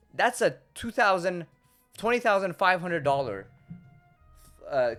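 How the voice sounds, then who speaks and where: A young man, a YouTuber, delivering a crude, rambling comedic monologue full of stumbling repetitions. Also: fairly high pitch.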